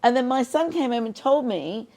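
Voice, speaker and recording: Speaking as a guest in an interview, a middle-aged film director talks earnestly, acting out quoted voices in her stories. Her voice is on the high side and warm, with lively intonation and a moderate pace.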